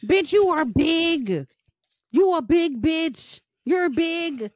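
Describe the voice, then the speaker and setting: High, lively woman ranting profanely. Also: very slow, no echo. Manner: loud, profane, joking and ranting. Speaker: podcast co-host. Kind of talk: casual chat.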